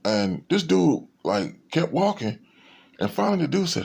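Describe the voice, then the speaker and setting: Man, low and husky, lively pitch, profane rambling commentator. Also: a little slow. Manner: profane, rambling, with many fillers and restarts. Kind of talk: rambling monologue.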